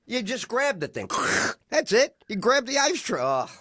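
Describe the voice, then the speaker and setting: Animated, rambling male radio host. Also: very high voice, unhurried, dry recording, clean studio sound. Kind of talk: casual radio chat.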